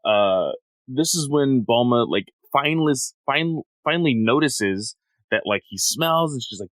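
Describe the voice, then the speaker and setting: A man co-hosting a podcast in casual chat, retelling a story in a relaxed way with many fillers and quoted lines. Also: medium pitch, normal speed, dry recording. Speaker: podcast co-host.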